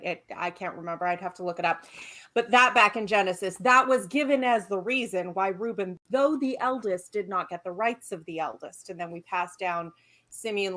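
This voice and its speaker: A woman on a casual online panel discussion, blunt and irreverent, tossing out quick quips over a video call. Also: fairly low pitch, a bit bright. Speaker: panel guest.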